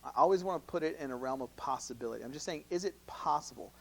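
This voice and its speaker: Male campus minister, young adult, gravelly voice, casual teaching Q&A in a church hall. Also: on the high side, fast talker. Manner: conversational, laughs often, acts out both sides of dialogues. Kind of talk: teaching Q&A session.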